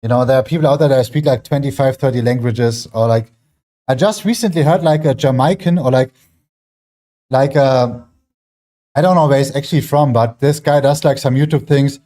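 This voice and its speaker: A man's voice: medium pitch, normal speed, dark tone. A man with a German accent, a fitness livestreamer, chatting casually and rambling with many fillers while training in his home gym. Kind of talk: casual chat while working out.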